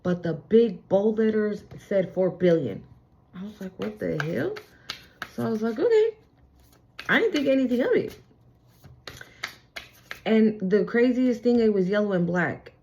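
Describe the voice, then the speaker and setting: A woman's voice: mid-range voice, normal speed, mellow, dull audio, a little hiss or hum. A young adult woman giving a casual spiritual reading, chatty and emphatic, with slangy fillers. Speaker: spiritual reader. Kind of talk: casual tarot-style channeled reading.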